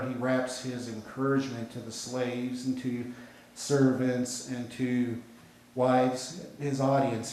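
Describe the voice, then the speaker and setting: Folksy preacher in a very echoey church. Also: male voice, mid-range voice, darkish tone. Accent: American. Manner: conversational storytelling preacher, folksy asides. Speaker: pastor. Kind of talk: sermon. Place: church sanctuary.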